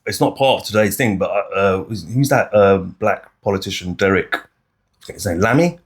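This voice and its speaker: British man, animated podcast debate, low-pitched voice, restarts and acted-out quotes. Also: brisk. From United Kingdom. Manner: animated, acts out other people's lines, frequent restarts. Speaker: podcast co-host. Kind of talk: casual debate chat.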